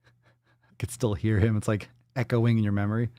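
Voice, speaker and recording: A man's voice: on the low side, flat delivery, moderate pace, dark tone, no echo, studio quality. A man hosting a livestream, reading out viewer donations and messages in casual, profane chat full of jokes and riffs. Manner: joking, profane and riffing off-the-cuff. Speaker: livestream host.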